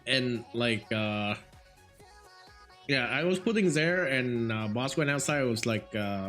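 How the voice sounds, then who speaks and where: At a measured pace, in a slightly bright mid-range voice, a young Vietnamese-accented man speaking English as a second language streams a rambling, casual story. He uses many fillers and restarts, and faint music can be heard behind.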